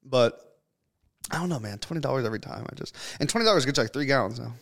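A man's voice: medium pitch, expressive, rapid-fire, vocal fry, a bit bright. A young man hosting a podcast, chatting casually and joking with friends, swearing freely. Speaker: podcast host. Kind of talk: casual chat.

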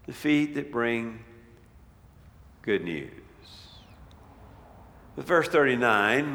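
A man preaching a sermon, swinging from loud declaiming to near-whispers. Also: medium pitch. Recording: long reverb of a large hall.

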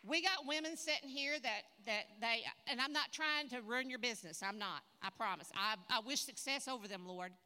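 An older woman preaching a sermon at a conference in a church hall, lively and humorous, talking straight to the audience. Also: on the high side, normal speed, hardly any pauses, smooth. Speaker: conference speaker. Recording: echoey hall.

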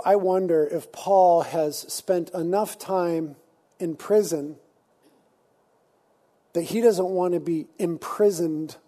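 A male pastor with a high-pitched voice and a husky, breathy edge, preaching in a lively, casual manner. His tone is mellow and dark rather than bright. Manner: animated, conversational preaching with casual slang. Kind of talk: sermon.

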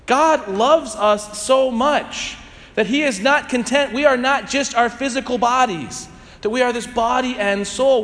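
A man preaching a homily, rising to emphatic peaks and sinking to soft, drawn-out phrase endings. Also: high voice, long reverb tail. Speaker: priest.

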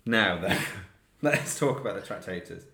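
A man's voice: fairly low pitch, animated, measured pace, bright, forceful tone, reverberant. A British man co-hosting a podcast in casual chat, wry and joking, acting out quotes in silly voices. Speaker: podcast co-host.

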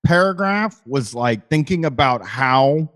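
A man's voice: medium pitch, lively intonation, a little slow, fairly bright tone. A man co-hosting a casual chat show, steadily reading listener letters aloud and chatting in a laid-back way with some swearing. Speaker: podcast co-host.

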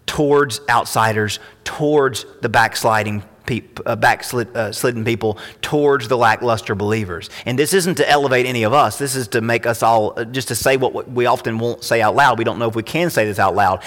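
A man preaching a sermon as pastor, impassioned and climbing higher when he reads scripture. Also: a bit bright. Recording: long hall reverb.

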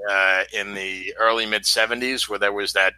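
A man co-hosting a podcast in casual chat, halting and repeating words as he thinks. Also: on the low side, flat delivery, sharp tone, smooth, poor audio. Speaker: podcast co-host.

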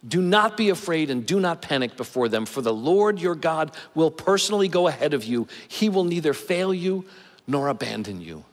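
Male pastor, slow emphatic sermon delivery, fairly high voice, long hall reverb. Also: sing-song. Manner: measured preaching with slow, emphatic pauses.

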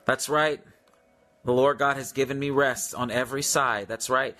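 A man's voice: mid-range voice, steady tone, moderate pace, pushed and bright, soft background music. A man ministering in prayer, sharing a testimony and making repeated healing declarations, with many fillers.

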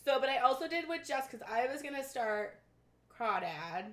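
A woman co-hosting a casual podcast, talking in a relaxed way and swearing offhandedly. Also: moderate pace. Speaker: podcast co-host. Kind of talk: casual chat. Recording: echoey, distant mic with rumble.

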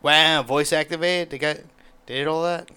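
A man's voice: a little high, fairly even intonation, a little slow, sharp tone, smooth. A man giving casual reaction commentary, muttering offhand remarks and swearing now and then.

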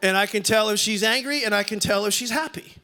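A man's voice: sits high, fast, bright, forceful tone. A man in his fifties preaching a sermon as a pastor, emphatic, repeating key lines and calling on the congregation to respond. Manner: repeats key lines for stress, some restarts.

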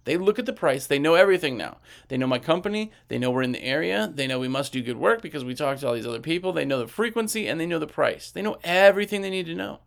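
Gravelly man teaching sales chat. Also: fairly high pitch, expressive, fast talker, hardly any pauses. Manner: conversational, acts out sales dialogue, frequent "right?". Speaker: window cleaning business trainer. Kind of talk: casual teaching talk.

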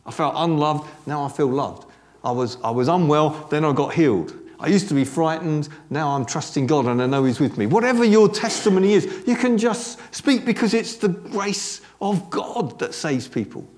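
A man preaching a sermon in a conversational, animated way, dropping joking asides to a congregation that answers back. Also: fairly high pitch, moderate pace. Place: church service with congregation responding.

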